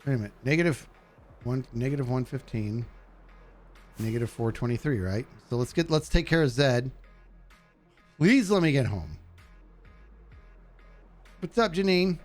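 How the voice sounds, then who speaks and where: Lively goofy male game streamer. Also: moderate pace, pauses often, soft background music. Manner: goofy, talks to chat, jumps high in excitement. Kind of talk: live gameplay commentary.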